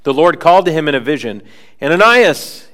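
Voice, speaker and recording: A man preaching a sermon with a slightly higher voice than most men. He is animated and acts out the people in the scripture. He breaks off often for casual asides to the listeners. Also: racing. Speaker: pastor.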